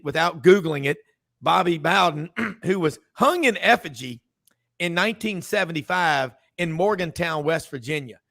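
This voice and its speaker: Man, sports radio host, fairly high voice, rambling chatty storytelling. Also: a bit bright. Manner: rambling storyteller, full of asides and restarts. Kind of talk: casual sports talk.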